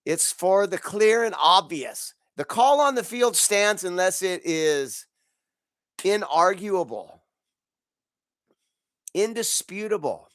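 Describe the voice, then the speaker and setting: A man's voice: high voice, lively intonation, takes it slowly, long pauses, fairly bright tone, dry recording, studio quality. A man hosting a podcast, ranting about football in a profane, exasperated way, congested from allergies. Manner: angry, profane, exasperated, laughs in bursts. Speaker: podcast host. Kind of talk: profane sports rant.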